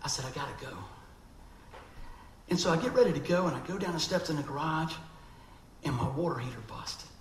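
A man's voice: on the high side, a little fast, pauses often, roomy sound, slight background noise, low-quality recording. A man preaching a sermon, telling a story animatedly and acting out the voices of people in it.

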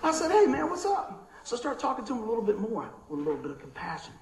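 A man preaching, telling a folksy story with lively energy and frequent laughter. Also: high voice, very fast, reverberant, slight background noise, poor audio. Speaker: pastor. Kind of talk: sermon storytelling.

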